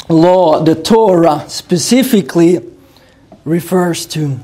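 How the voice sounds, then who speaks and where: Male pastor, fairly high voice, hoarse, earnest expository preaching with emphatic exhortations. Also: measured pace, darkish tone. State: hoarse, losing his voice. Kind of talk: expository sermon.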